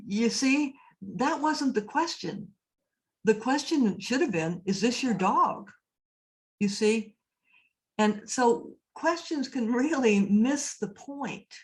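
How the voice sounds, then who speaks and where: Slow-talking woman giving a reflective lecture. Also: a little high, animated, a little mellow. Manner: storytelling, often asks the audience questions. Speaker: priest and labyrinth teacher giving a talk. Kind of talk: conversational lecture. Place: cathedral speaker event.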